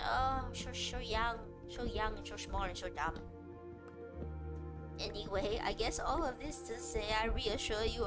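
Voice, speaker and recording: A young adult woman streaming as a VTuber, chatting earnestly and animatedly with many restarts and fillers. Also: mid-range voice. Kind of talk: casual chat on a livestream. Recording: game music behind the voice. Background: background music.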